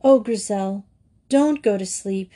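A woman's voice: mid-range voice, takes it slowly, dark tone, close to an everyday voice. A woman voicing a frightened twelve-year-old girl stranded on a mountain, pleading and tearful, in an audiobook reading. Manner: pleading, tearful, breaking into sobs.

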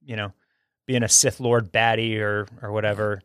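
A man's voice: fairly low pitch, little pitch movement, moderate pace, a bit bright, smooth, no room sound, clean studio sound. A man hosting a casual chat about a film, talking with enthusiasm and often restarting his sentences. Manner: enthusiastic, talkative, frequent restarts. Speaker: podcast host reviewing a film.

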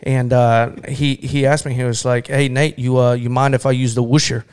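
A man's voice: mid-range voice, little pitch movement, normal speed, a little mellow, smooth. A young man co-hosting a podcast, telling stories in a wry, teasing way. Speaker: podcast co-host. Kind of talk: casual podcast chat.

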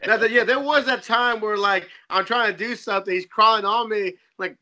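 A man, an animated storyteller who laughs easily in casual podcast chat. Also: sits high, a little fast, few pauses. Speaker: co-host.

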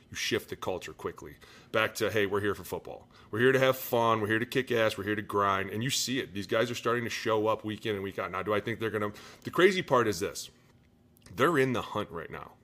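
A man co-hosting a football podcast in casual, animated chat, swearing freely and saying "dude" a lot. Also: lowish voice. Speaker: podcast co-host, former lineman.

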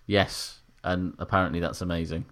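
A man co-hosts a podcast with a somewhat low voice. He talks in a wry, rambling way and laughs often. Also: flat delivery, moderate pace, a bit bright. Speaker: podcast co-host. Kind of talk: casual banter.

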